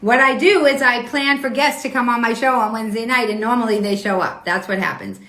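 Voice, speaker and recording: Woman hosting a livestream, fired up and swearing at viewers, kinda high and bright, echoey room. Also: fairly quick. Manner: confrontational, profane, indignant. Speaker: host of a live online talk show. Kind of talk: heated livestream talk, arguing with viewers. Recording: roomy echo.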